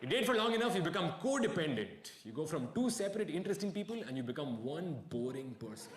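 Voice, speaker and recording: A young man performs stand-up, his fairly high voice swinging widely between dry deadpan asides and mock outrage. He is captured on stage in a roomy, echoing venue, with clear audience noise around him. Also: fast. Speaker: stand-up comedian. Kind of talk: stand-up comedy set. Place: stage before a live audience. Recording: echoey live venue with crowd noise.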